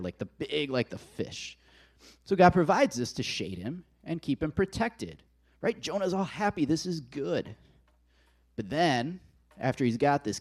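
Male preacher, casual and animated, mid-pitched, relaxed conversational sermon.

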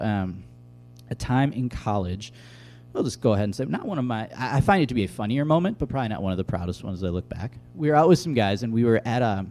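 A young adult man giving a casual, conversational bible teaching, telling stories with lively asides. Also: medium pitch, slight background noise. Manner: conversational, animated storytelling with asides.

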